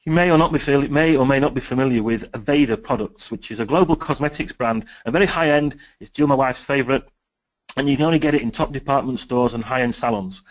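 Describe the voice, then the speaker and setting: A man with a Sheffield accent giving a business webinar talk, telling lively stories and acting out the dialogue. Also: medium pitch, fast, lo-fi sound. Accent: Sheffield English. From England. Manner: lively storytelling, acts out quoted dialogue. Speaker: business speaker.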